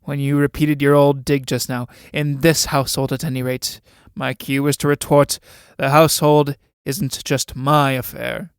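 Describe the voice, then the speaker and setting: A man reading the part of a sardonic aging army captain, dry and mocking, with a smooth, resonant voice on a dry close microphone. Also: medium pitch, little pitch movement, normal speed, few pauses, dry recording, close to an everyday voice.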